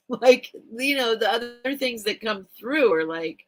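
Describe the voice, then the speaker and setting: A woman's voice: a little high, expressive, measured pace, poor audio. A middle-aged woman hosting a late-night live sale stream, chatting casually and emotionally as she reacts to viewer comments.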